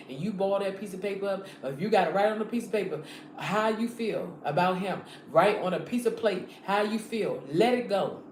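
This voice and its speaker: Woman live-stream preacher, fervent and repetitive, roomy echo, faint hiss. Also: mid-range voice. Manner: fervent, repetitive, direct address to viewers. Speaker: online preacher. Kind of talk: live-streamed motivational sermon. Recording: echoey room, faint background noise.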